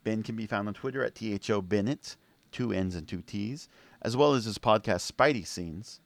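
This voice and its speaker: Low, dry-sounding male podcast co-host, relaxed and chatty. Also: moderate pace, dry recording. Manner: easygoing, laughs often, many fillers. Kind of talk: casual podcast chat.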